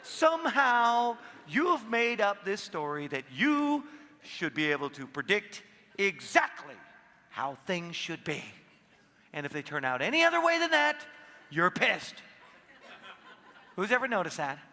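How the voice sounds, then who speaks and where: A man giving a live seminar talk, telling stories in an animated way and acting out the voices of people in them. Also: on the high side, unhurried, long pauses, in a large hall. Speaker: seminar speaker.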